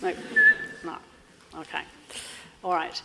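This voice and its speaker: A woman leading an interactive training workshop, lively and constantly checking in with her audience. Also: takes it slowly, a little hiss or hum. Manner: lively, checks in with frequent "yeah?". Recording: lecture room with long reverb.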